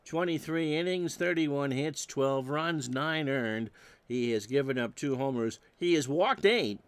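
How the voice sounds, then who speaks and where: A man doing solo play-by-play of a simulated old baseball game, reading stats with dry jokes and getting loud on big plays. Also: mid-range voice, measured pace, clean tone, dry recording. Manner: dry joking asides between stats, erupts on big plays. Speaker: play-by-play announcer.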